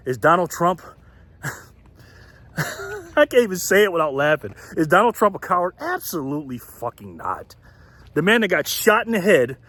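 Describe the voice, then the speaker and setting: Male vlogger, slightly high voice, very lively pitch, blunt profane rant with frequent laughs. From United States. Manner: animated, blunt and profane, laughs often mid-sentence. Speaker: political commentary channel host. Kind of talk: casual ranting commentary vlog.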